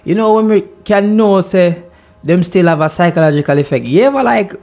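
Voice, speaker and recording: A man with a Jamaican accent, a comedian chatting as a radio interview guest, joking and swinging between loud lively bursts and quiet mutters. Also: high-pitched, brisk. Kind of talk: casual radio interview chat.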